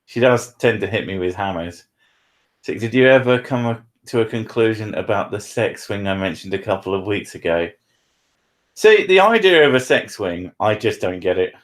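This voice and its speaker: A southern English man with a low voice, hosting a stream in casual, joking, sweary banter. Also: animated, moderate pace. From southern England. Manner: swearing, self-mocking, joking. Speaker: streamer, show host.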